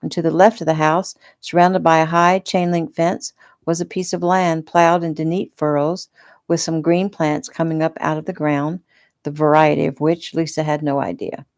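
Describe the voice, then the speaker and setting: A woman reading her own novel aloud in a relaxed, unpolished, casual way. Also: deep voice, moderate pace. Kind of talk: casual audiobook narration.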